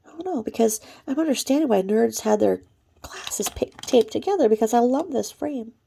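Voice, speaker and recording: A woman's voice: fairly high pitch, animated, moderate pace, creaky, mellow, slight background noise. A woman hosting her own channel, talking to camera in a chatty, rambling way and now and then dropping to a whisper. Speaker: channel host. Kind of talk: casual vlog commentary.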